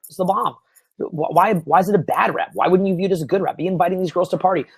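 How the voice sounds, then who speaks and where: A young Canadian man coaching on dating in a profane, excitable way, swinging from mumbled asides to loud bursts. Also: high-pitched, fast, vocal fry, husky, no echo. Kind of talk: webinar Q&A.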